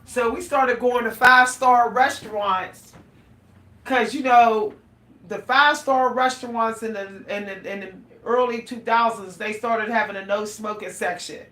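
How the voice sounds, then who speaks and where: A woman's voice: on the high side, steady tone, measured pace, a bit bright. A middle-aged woman, talking casually and animatedly to her viewers, laughing and exclaiming often. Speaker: vlogger. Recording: echoey room, voice a bit far from the mic.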